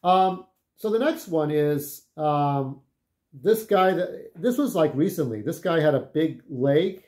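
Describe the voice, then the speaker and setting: A man's voice: a little high, lively intonation, slow, a little mellow. A man telling casual, rambling stories, full of swearing, who keeps checking in with "okay?". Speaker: vlogger. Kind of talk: casual storytelling.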